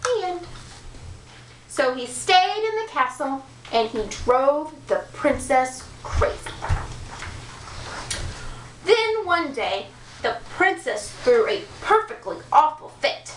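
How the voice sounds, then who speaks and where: Woman reading a kids story, high bright voice, far off in an echoey room, light hiss. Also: slow, pauses often. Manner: playful, expressive narration.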